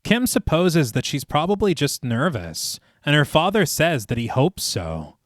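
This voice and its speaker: Lively man recapping a film. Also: fairly high pitch, measured pace, no echo, clean studio sound. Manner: lively, reads plot recap then jokes. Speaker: podcast host recapping a film. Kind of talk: casual chat and film recap narration.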